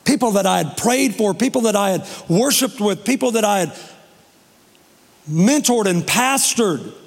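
A man preaching as pastor, telling a personal story emotionally with dramatic pauses. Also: sits high, lively intonation. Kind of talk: testimony sermon. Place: church sanctuary. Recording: long hall reverb.

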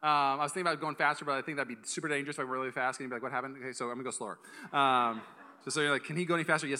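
Fast, bright-voiced young pastor preaching. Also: male voice, a little high. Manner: energetic, joking asides, fast bursts. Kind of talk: sermon. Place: church hall.

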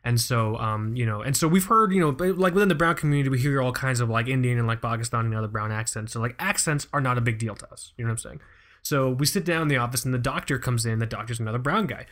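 Profane, animated young man in casual chat. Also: medium pitch, fast. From United States. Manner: profane, animated storytelling with laughs. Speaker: podcast host.

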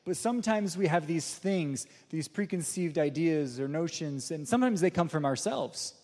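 A man's voice: on the high side, lively intonation, moderate pace, darkish tone. A man telling a personal story in a sermon, chatty and self-deprecating, laughing often. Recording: long reverb of a large hall.

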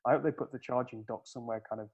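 A man's voice: medium pitch, fairly even intonation, very fast, darkish tone, muffled recording. A man hosting a podcast, chatting casually in a laid-back, joking way. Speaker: podcast host. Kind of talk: casual chat.

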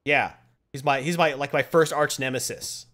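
A man's voice: medium pitch, fairly even intonation, moderate pace, a bit bright. A man hosting a casual chat, retelling a comic plot and acting out the quotes as he goes. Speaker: podcast host.

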